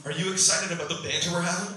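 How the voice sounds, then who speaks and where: A man's voice: high voice, very fast, sharp tone. A Canadian man in his thirties doing stand-up crowd work, brash and teasing, swearing freely. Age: 30s. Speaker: stand-up comedian. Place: comedy club stage, live audience. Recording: echoey room, recorded from far, audience noise.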